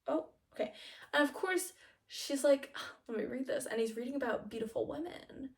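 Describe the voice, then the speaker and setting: A young woman vlogger chatting casually and gushing about a show, with lots of fillers and quick laughs. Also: high voice, recorded from a distance. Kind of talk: casual chat.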